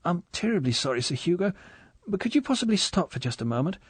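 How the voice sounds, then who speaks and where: A man voicing a nervous young woman who stammers apologies in a high, strained voice. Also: sing-song, quick pace, slightly rough, dry recording, heavily acted. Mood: flustered.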